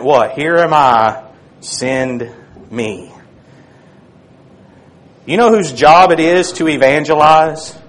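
Male preacher, high pitch, dramatic sermon delivery with quiet, hushed drops. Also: rough recording. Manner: dramatic, drops to a hush on key phrases. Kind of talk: sermon with scripture reading.

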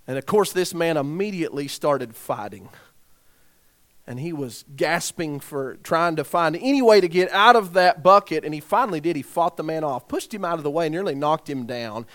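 A man preaching a sermon, dropping to quiet, grave emphasis and rising to loud shouts as he tells a story. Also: a little high, expressive, normal speed.

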